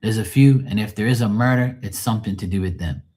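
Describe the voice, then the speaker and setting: A Bermudian man talks to his live-stream viewers in a loose, joking way and swears casually as he goes. His voice sits fairly low and has a husky grain, and it is picked up on a phone mic. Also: fast talker, darkish tone. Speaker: livestream host and tarot reader.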